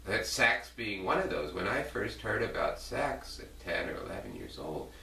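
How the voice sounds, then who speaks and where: A man rambling in a halting, self-interrupting way as he speaks straight to one person, thinking aloud. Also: fairly low pitch, big pitch swings, creaky. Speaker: video blogger. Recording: roomy, distant mic, loud guitar music. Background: loud guitar music.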